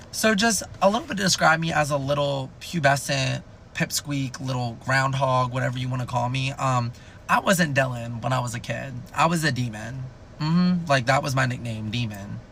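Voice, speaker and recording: A man in his twenties telling a comedic storytime monologue in an animated, profane, self-mocking way, jumping his pitch up for emphasis. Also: vocal fry, slight background noise. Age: 20s.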